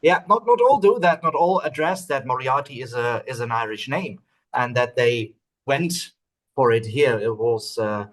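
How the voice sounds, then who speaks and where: A man's voice: mid-range voice, animated, moderate pace, rough recording. A man as a podcast guest and theatre producer, adding short joking remarks in casual chat. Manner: brief, joking interjections.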